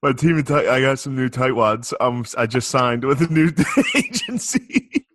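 A male comedian with a husky voice talks quickly in a casual chat. His pitch moves a lot as he adds laughing asides. The sound is dry and close. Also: huge pitch swings, fairly bright tone, dry recording. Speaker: comedian guest.

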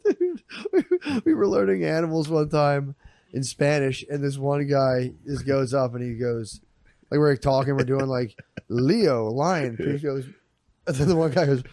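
A young man riffing in a casual comedy chat, excitable, laughing a lot and swearing casually. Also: medium pitch, measured pace, no room sound, clean studio sound.

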